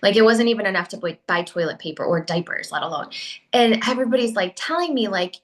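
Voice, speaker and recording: A woman's voice: medium pitch, animated, a little fast, rough recording. Tearful woman telling her story. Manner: emotional, tearful, many "like" fillers. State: crying. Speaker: podcast co-host. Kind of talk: casual heartfelt storytelling.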